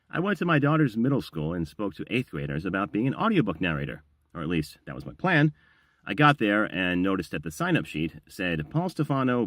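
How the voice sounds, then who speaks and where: A man's voice: deep voice, no room sound. A middle-aged man, a voiceover actor and audiobook narrator, telling a story in a casual, chatty, self-deprecating vlog.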